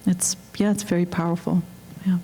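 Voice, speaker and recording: A woman speaking as a film director on a panel, earnest and halting, with frequent restarts. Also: on the low side, little pitch movement, warm tone, a little hiss or hum. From Canada. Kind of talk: reflective panel talk. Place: auditorium.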